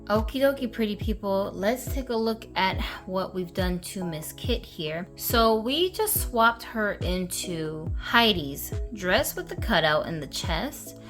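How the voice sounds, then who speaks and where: A woman's voice: mid-range voice, animated, takes it slowly, hardly any pauses, fairly bright tone, faint music behind. Sassy, joking woman reviewing dolls. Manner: playful and sassy, slangy jokes. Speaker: doll reviewer. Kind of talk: doll review vlog.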